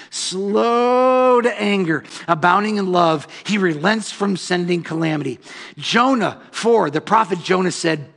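A male pastor delivering a sermon, reading scripture and dramatically stretching key phrases before dropping to a hushed tone. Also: high-pitched, vocal fry.

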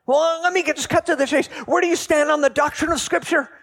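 A man's voice: very high-pitched, steady tone, fast talker, creaky, a bit bright, pitched above the performer's own voice, exaggerated voice. A man voicing a fussy, officious male supervisor angel who questions like an examiner.

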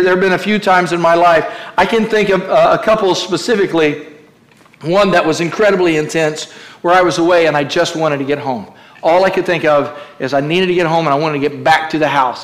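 Pastor guy preaching, kinda high voice, lots of uhs, asks the crowd stuff, echoey church room. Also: a bit bright. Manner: rambling preacher with many "uh" fillers, calls out to the congregation. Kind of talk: sermon. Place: church sanctuary.

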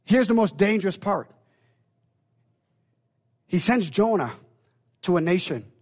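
Male pastor, high voice, animated, acts out voices, preaching sermon. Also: a little slow. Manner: animated, acts out biblical voices, builds to shouts.

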